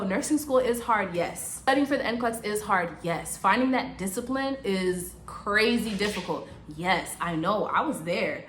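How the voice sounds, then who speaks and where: A young woman nurse telling a personal story, animated and emphatic, with lots of "like". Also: mid-range voice, roomy sound, a little hiss or hum. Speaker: nurse vlogger.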